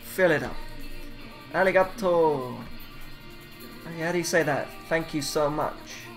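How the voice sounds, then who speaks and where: Guy mumbling thru japanese phrases at his computer, kinda high voice, faint music behind. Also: normal speed. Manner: rambling, swears, mumbles while reading aloud. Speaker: vlogger. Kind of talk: casual self-taught language study.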